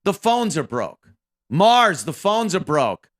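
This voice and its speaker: Guy in his 50s ranting about his old radio show, cursing a lot, swoopy voice, kinda high. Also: sing-song, slow, a bit bright. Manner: profane, rambling, self-deprecating. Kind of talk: casual monologue about his career.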